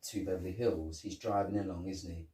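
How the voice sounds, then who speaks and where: A man's voice: low-pitched, steady tone, brisk, mellow. A man co-hosting a podcast, casually chatting about a film and retelling its scenes. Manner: retells scenes, acts out quotes. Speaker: podcast co-host. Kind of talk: casual film review chat. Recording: roomy, distant mic.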